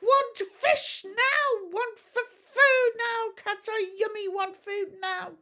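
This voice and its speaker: A woman's voice: slow pace, sharp tone, full character voice. A woman voicing a small, greedy, toothless young male dragon who stammers and whines for food. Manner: stammering, shrill, whining.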